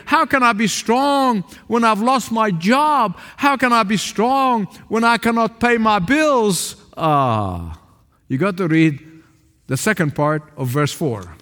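A man's voice: lively intonation, slow pace, a bit bright. Emphatic preaching man in a reverberant hall. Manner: emphatic preaching with sudden drops to a low aside. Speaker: pastor. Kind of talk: sermon. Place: church sanctuary with a small congregation. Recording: long reverb of a large hall.

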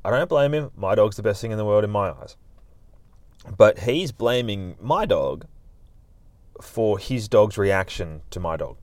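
A man's voice: lowish voice, lively intonation, unhurried, darkish tone, no echo. A man hosting a podcast, telling a story in a chatty, laid-back way. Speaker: podcast host, dog trainer. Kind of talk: casual storytelling monologue.

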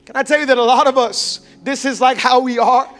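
A male pastor giving a sermon, swinging between impassioned shouts and hushed, intimate tones. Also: very high voice, fairly even intonation, a little fast.

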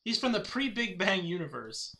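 Man, podcast host, casual joking chat, laughs a lot, bright high voice. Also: sing-song, moderate pace.

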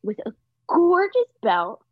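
A woman's voice: fairly high pitch, wildly swooping pitch, takes it slowly, no echo, narrow, tinny audio. A woman co-hosting a podcast, chatting casually and bluntly about a TV episode and swearing freely. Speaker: podcast co-host. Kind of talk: casual chat recapping a TV episode.

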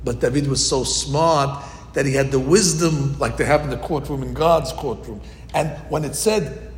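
Man teaching Torah, animated storyteller, slightly high voice, long hall reverb. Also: moderate pace, vocal fry. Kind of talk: informal Torah class. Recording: echoey hall with faint noise.

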